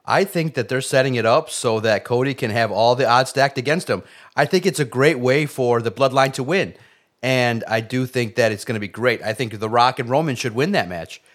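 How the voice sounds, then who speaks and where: A man co-hosting a casual wrestling chat, animated and excitable, acting out quotes as he talks. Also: mid-range voice. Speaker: wrestling podcast co-host.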